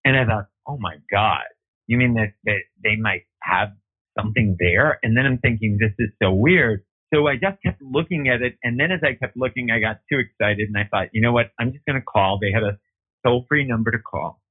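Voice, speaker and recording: A man's voice: brisk, slightly rough. Man telling a story over a phone-like line. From United States. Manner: excitable, acts out quoted dialogue with big pitch jumps. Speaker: guest, opera singer. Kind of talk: animated personal storytelling.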